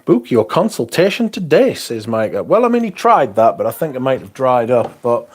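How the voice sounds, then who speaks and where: A man's voice: mid-range voice, big pitch swings, normal speed, husky. A young man hosting a livestream, chatting casually, rambling and swearing as he reads comments aloud. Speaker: livestream host.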